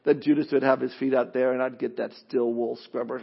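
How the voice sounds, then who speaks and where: A man preaching a sermon in a conversational, animated way, with asides and playful mock voices. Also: medium pitch, brisk, creaky, hardly any pauses, slightly rough, muffled recording. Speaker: pastor.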